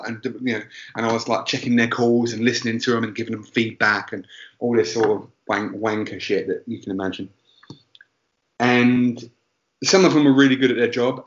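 Bloke rambling thru a funny story, swears a lot, keeps cutting himself off, mid pitch, bit muffled lo-fi sound. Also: male voice. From England, Essex. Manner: rambling, sweary, self-interrupting. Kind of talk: casual comedic storytelling.

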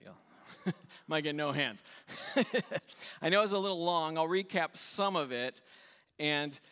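A pastor giving a conversational sermon, retelling a story and acting out its voices with a light laugh. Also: male voice, fairly high pitch, a bit bright, smooth, big-room sound.

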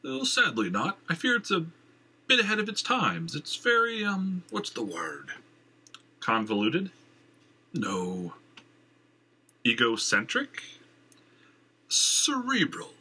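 Man voicing a pompous theater owner, middle-aged, flustered, high theatrical tone, lively swooping pitch. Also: slow, long pauses, breathy edge, heavily acted. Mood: fussy.

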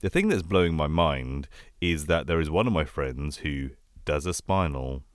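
Animated low-voiced man. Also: no room sound, studio quality. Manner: animated, quick lists, rising excitement. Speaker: anesthesiologist podcast co-host. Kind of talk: casual clinical chat.

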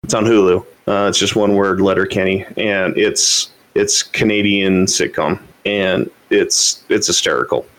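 Male podcast co-host, easygoing banter, quick to laugh. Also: deep voice, fairly even intonation, a bit bright, poor audio. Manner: joking, laughs often. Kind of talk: casual chat.

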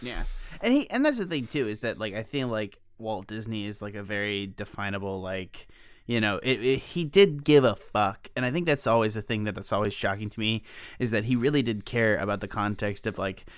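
A man in casual film chat, lively, profane and self-mocking, recorded close in a dry room. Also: fairly low pitch, brisk, clear, resonant tone, dry recording.

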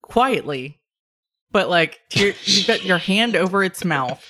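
A woman with a lowish voice narrates a tabletop scene as game master. She talks loosely, with a lot of fillers. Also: expressive, slow, bright, forceful tone, a little hiss or hum. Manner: casual, filler-heavy narration.

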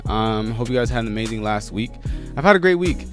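A man's voice: medium pitch, fairly quick, soft background music. Breathless, fumbling podcast host man. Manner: energetic, rambling, self-correcting. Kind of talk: casual chat.

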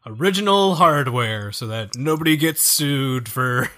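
A man's voice: medium pitch, expressive, bright, forceful tone. A man co-hosting a podcast, casually chatting about a video game in a playful, joking way. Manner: playful, joking, quick to laugh. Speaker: podcast co-host.

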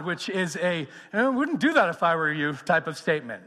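A man with a high voice preaching to a congregation. He keeps it animated, rising to loud emphasis and then dropping to hushed tones. A long reverb trails his words through the hall. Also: normal speed. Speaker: pastor. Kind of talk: sermon.

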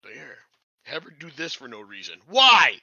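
Blunt swearing man, very bright voice. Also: medium pitch, expressive, moderate pace, vocal fry, slightly rough, no room sound, lo-fi sound. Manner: blunt, profane, exasperated. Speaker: podcast co-host. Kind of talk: casual chat.

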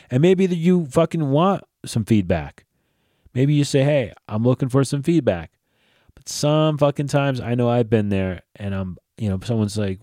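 Tired and yawning, this podcast host speaks in a fairly low, mellow voice on his casual solo show. His delivery is loose and conversational, blunt and full of profanity, and the sound is dry and studio-clean.

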